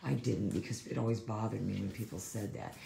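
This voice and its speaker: A woman dog trainer chatting casually on a livestream, rambling and animated, acting out other people's voices as she talks. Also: very deep voice, fairly quick, vocal fry. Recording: echoey room with background noise.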